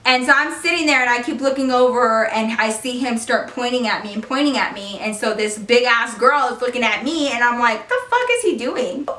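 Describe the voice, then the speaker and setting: A young woman telling a personal story on her vlog, animated and profane, in an echoey room away from the mic. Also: on the high side, recorded from a distance. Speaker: vlogger.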